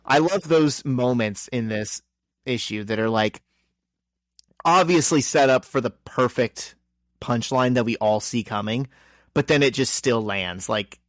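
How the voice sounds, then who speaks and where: A man's voice: medium pitch, a bit bright, no echo. A man co-hosting a podcast, recapping a comic book in a wry, joking way and briefly voicing the characters. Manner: wry, joking summary with quick voices for characters. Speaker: podcast co-host. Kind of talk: casual chat recapping a comic.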